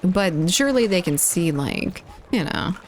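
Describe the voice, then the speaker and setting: Woman game streamer, low-ish voice, rambling casual chat, quick asides to the game. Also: lively intonation, darkish tone, a little hiss or hum. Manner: rambling, chatty, reacts to the game and chat mid-sentence. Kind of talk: casual chat while gaming.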